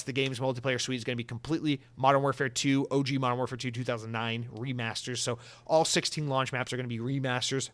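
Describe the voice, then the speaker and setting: A man's voice: mid-range voice, fairly bright tone, dry recording. A young adult man hosting a solo podcast, rambling in a jokey, self-mocking way. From United States. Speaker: podcast host.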